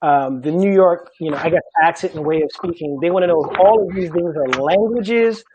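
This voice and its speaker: A middle-aged man from Charleston, a Gullah language teacher, speaking emphatically in an animated panel talk and laughing often. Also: fairly high pitch, brisk, highs cut off, background noise. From Charleston, South Carolina.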